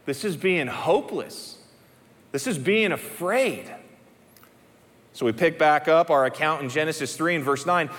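A male pastor preaching a sermon, dropping to hushed low emphasis and then rising high and excited when he reads dialogue aloud. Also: measured pace. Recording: reverberant church hall.

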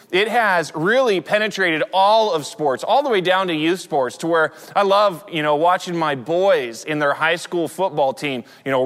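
A man's voice: sits high, a bit bright. A man in his forties preaching a sermon as pastor, telling stories in a conversational way with frequent restarts. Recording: long hall reverb.

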